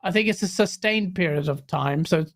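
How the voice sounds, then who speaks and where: A man's voice: high-pitched, normal speed. A man, a guest on a casual podcast, talking bluntly and joking with the host. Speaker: guest content creator.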